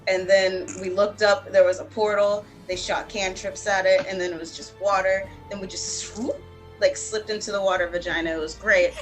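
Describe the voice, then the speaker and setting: A woman's voice: medium pitch, fairly even intonation, normal speed, soft background music, low-quality recording. A woman player rambling through a recap of a tabletop game, saying "like" constantly.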